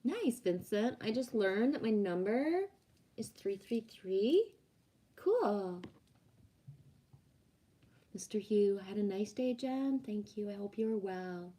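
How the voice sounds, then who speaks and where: A woman from Quebec, French her first language, hosts a relaxed livestream. She chats in a rambling, easygoing way, reads out viewer comments and laughs often, her voice sitting at an ordinary middle pitch. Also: takes it slowly, long pauses. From Quebec, Canada. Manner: chatty and rambling, frequent laughter and restarts. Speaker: livestream host. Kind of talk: casual livestream chat, reading out viewer comments.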